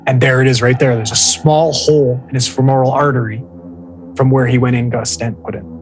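A man's voice: mid-range voice, fairly even intonation, fairly quick, music in the background, poor audio. A man co-hosting a casual podcast, telling a story with lots of swearing and reading listener posts aloud. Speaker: podcast co-host.

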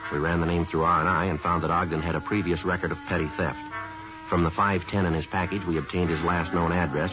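A man's voice: sits low, natural voice. An actor playing a terse police detective who narrates his case in a clipped, matter-of-fact way, in a 1950s radio crime drama. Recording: lo-fi old radio recording with music.

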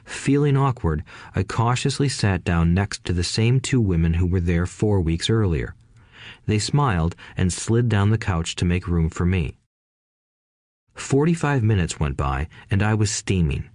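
Low-voiced man reading an audiobook. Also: expressive, a little slow, a little mellow, no echo, clean studio sound. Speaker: audiobook narrator. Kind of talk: scripted audiobook narration.

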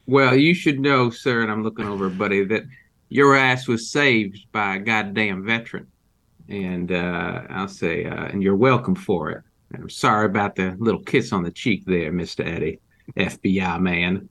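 A man voicing a gruff, hot-tempered small-town male rancher during a tabletop game, talking in a folksy, halting way full of fillers and cursing. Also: deep voice, a bit bright. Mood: prickly. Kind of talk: in-character role-play.

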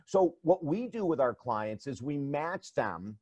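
A man's voice: on the high side, sing-song, a little slow, darkish tone, no room sound. A man working as a life coach, telling stories in an interview with energy and emphasis and repeating words as he starts sentences. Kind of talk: interview storytelling.

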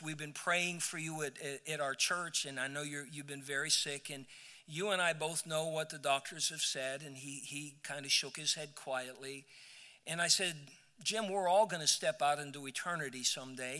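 A pastor tells a story in his sermon, repeating many words and building to emphatic peaks. His slightly high voice has a sharp edge yet sounds clear and resonant, and it rings through a church sanctuary whose hall has long reverb.

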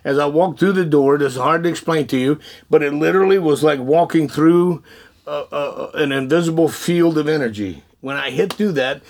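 A man telling his testimony in an animated, folksy way, often laughing and repeating words. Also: fairly high pitch, creaky. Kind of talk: animated storytelling.

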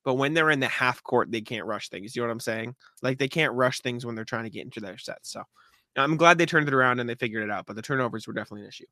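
A man co-hosting a sports podcast, speaking in a bright, ringing voice. He talks casually and clears his throat often. The recording is close and dry. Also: mid-range voice, quick pace, dry recording. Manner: conversational, uses fillers and laughs, clears throat often. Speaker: podcast co-host.

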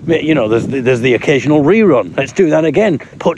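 A man's voice: medium pitch, expressive, a little fast. A man, a stand-up comedian recording a casual spoken blog while walking outside, rambling with dry, self-mocking humour. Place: outdoors on an urban street with traffic. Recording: street noise behind a mobile recording.

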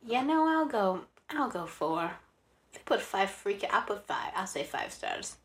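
A woman co-hosting a podcast in casual chat, playful and quick to laugh. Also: medium pitch, very animated, slight background noise. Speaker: podcast co-host.

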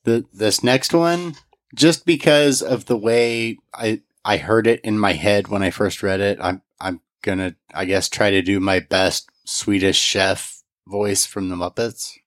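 Deep-voiced man running a word quiz. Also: fairly even intonation, a little slow. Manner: easygoing, spells words out, lightly teasing. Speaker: quiz host among friends. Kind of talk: casual chat.

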